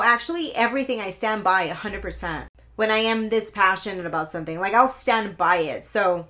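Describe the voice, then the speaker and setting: A woman's voice: fairly high pitch, fairly bright tone. Fired-up woman ranting on a podcast. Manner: heated, profane, rambling. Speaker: podcast host. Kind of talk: solo podcast rant.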